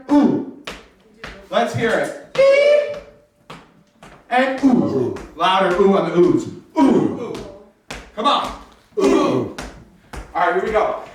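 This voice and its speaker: A man hosting a live variety show, joking with the audience, swearing freely and leading it in chants. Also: very high-pitched. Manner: playful, teasing, leads audience chants. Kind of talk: live stand-up crowd work. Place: live venue before an audience. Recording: echoey room from far off, faint noise.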